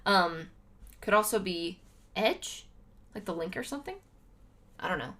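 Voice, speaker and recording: A woman's voice: medium pitch, animated, measured pace, a bit bright, slight background noise. A woman livestreaming, chatting casually to her viewers with lots of fillers and laughs. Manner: laughs often between remarks.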